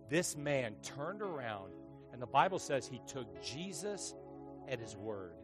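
A man's voice: medium pitch, unhurried, soft background music. A middle-aged man preaching a sermon as pastor, telling stories with jokes and acting out the voices of people in them. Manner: animated, joking storyteller who acts out voices.

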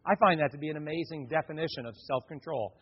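A man's voice: fairly high pitch, fast, husky. A middle-aged man preaching a sermon, telling family stories and acting out the voices of his kids and wife. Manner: animated storyteller, acts out his family's voices. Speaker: pastor. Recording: dull lo-fi sound in a reverberant hall.

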